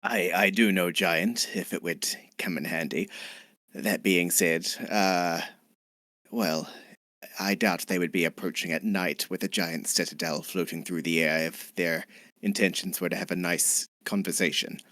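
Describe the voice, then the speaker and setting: Deep, calm man player in a tabletop game; dry sound. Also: unhurried, no echo. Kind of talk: casual tabletop game chat.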